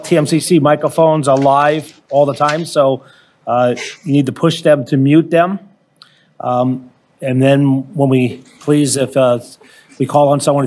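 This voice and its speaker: A man chairing a formal board meeting, speaking haltingly with frequent fillers into a table microphone. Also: medium pitch, darkish tone.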